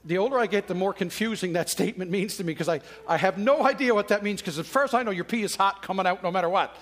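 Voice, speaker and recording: Male preacher, high-pitched, chatty sermon delivery with acted-out quotes. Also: quick pace, fairly bright tone. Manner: conversational preaching with dramatic quoted voices. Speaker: pastor.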